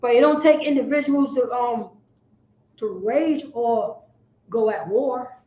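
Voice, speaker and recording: A man leads a Bible class in a high voice, driving each point home by saying it twice. The sound is dull and lo-fi, and the room rings with echo. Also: unhurried. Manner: forceful, preachy, repeats lines for emphasis. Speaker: class teacher.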